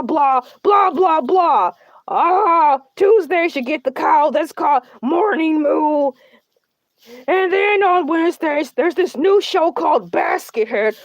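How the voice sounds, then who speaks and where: A boastful, needy shark talk-show host, put on by a woman, who whines and rambles about his own troubles. The voice sits high and is caught close on a dry mic. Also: dry recording, highs cut off. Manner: whiny, self-centered, rambling. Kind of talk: comedic character livestream.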